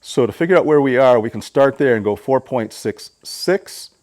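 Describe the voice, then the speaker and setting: A man's voice: mid-range voice, lively intonation, moderate pace, a little mellow, dry recording. A man hosting his own DIY channel who gives a patient, plain-spoken how-to explanation. He often stammers and restarts his sentences.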